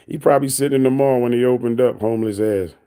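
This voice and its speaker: A man with a voice of middling pitch chats casually on a livestream. He reads out viewers' comments and answers them with teasing and mockery. He breaks into laughter often. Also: mellow, clear, resonant tone. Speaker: livestreamer reading chat.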